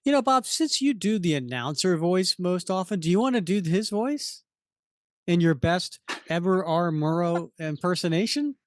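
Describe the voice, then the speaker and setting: A man's voice: high-pitched, sing-song, moderate pace, no room sound, studio quality. A man co-hosting a casual comic book podcast, walking through the panels unhurriedly with many fillers. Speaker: podcast co-host.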